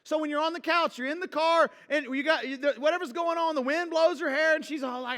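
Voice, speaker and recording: Pastor guy preaching, high bright voice, chatty and jokey, big echoey church. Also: a little fast, hardly any pauses. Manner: conversational, joking with the congregation. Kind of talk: sermon. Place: church hall.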